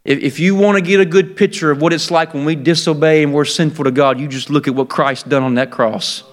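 A man preaching an impassioned sermon, fervent and full of repeated restarts, building up to shouts. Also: on the high side, steady tone, a little fast.

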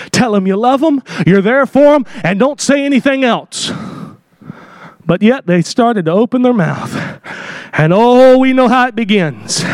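A man preaching a sermon, impassioned, rising to shouts as he reads scripture in old-fashioned wording. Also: extremely high pitch, no echo, clean studio sound.

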